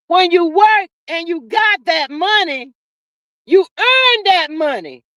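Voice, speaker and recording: A woman's voice: extremely high pitch, a bit bright, dry recording. A woman hosting a casual livestream, reading out chat comments in a drawling, sassy, preachy way. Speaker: livestream host.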